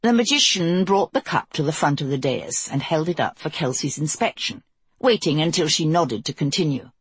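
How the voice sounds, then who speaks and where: A woman narrating a fantasy audiobook in a measured, even storytelling way. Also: low-pitched, husky, dry recording.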